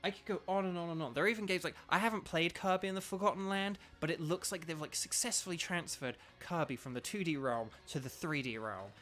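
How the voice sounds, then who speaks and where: A man's voice: a little high, fast talker, hardly any pauses, a bit bright, soft background music. A man streaming a video game, chatting casually with viewers in a rambling, enthusiastic way full of fillers. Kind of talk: casual live-stream chat.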